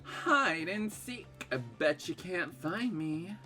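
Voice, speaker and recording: A woman's voice: fairly low pitch, big pitch swings, slow pace, pushed and bright, faint music behind, exaggerated voice. A woman doing a teasing singsong huntress killer.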